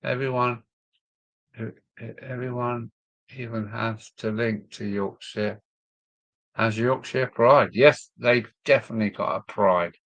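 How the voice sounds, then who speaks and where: A man's voice: mid-range voice, steady tone, unhurried, a bit bright, no echo. A man from Kent with a southern English accent, chatting casually on a hobby live stream and musing aloud, trailing off with lots of ums. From Kent, England. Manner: rambling, musing aloud with many fillers. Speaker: model railway live stream host. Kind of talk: casual chat reading viewer comments.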